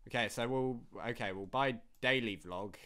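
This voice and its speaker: Rambling lad playing a game. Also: male voice, medium pitch, moderate pace, sharp tone. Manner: rambling, laughs often. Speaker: gaming YouTuber. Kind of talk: casual gameplay commentary.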